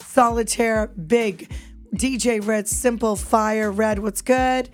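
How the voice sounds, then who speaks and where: A woman's voice: a little high, steady tone, takes it slowly, faint music behind. A woman hosting a morning radio show in a studio, upbeat and chatty as she reads out listener texts. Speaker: radio host.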